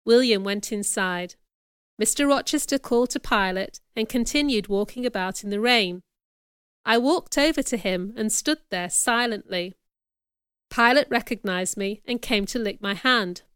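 A woman reading a first-person story aloud in a measured, expressive narration. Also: medium pitch, clear, resonant tone, no room sound, clean studio sound.

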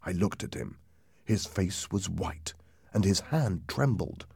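A man narrating a ghost story aloud in a lively, dramatic reading that drops low and hushed for suspense. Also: slow pace, vocal fry, husky, no room sound, studio quality.

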